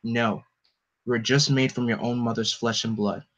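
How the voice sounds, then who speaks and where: A man voicing a stern, calm female warrior princess who talks in a measured, quietly cutting way. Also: medium pitch, voice pushed down, lightly acted. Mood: cool. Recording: dull lo-fi recording.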